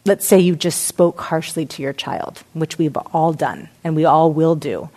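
Low-voiced woman teaching mindfulness. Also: unhurried. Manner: reflective and gently explanatory. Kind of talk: teaching talk with a parable.

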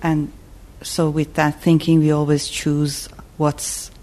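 A woman's voice: low-pitched, monotone, takes it slowly, warm tone, low-quality recording. A woman in the audience who asks a question in a tentative way and searches for her words. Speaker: audience member asking a question.

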